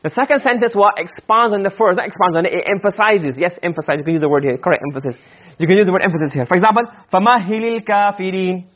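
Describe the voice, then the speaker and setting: A man's voice: sits high, rapid-fire, muffled recording. A man teaching a class, often quizzing his students and repeating his points. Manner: asks the class questions, repeats himself. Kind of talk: classroom lecture on Arabic rhetoric.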